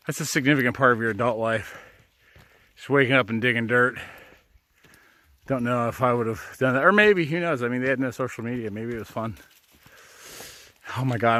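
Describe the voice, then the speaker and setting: A man's voice: medium pitch, bright, forceful tone, no echo. A man chatting and joking casually while walking his dogs outdoors, a bit out of breath. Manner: joking, chatty, puts on silly voices. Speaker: dog-walking vlogger. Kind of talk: casual vlog narration while hiking. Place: outdoors on a trail and in a tunnel.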